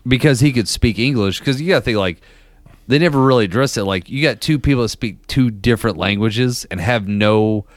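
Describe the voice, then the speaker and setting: A man co-hosts a casual podcast, telling loose, rambling stories packed with fillers and laughter. His voice is mid-range and a little fast, with no room sound.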